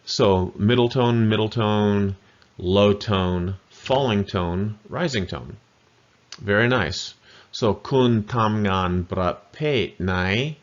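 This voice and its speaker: Guy teaching a language lesson, low-ish voice, super slow and patient, repeats stuff, kinda muffled audio. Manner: patient, repeats syllables slowly. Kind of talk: explaining pronunciation in a video lesson.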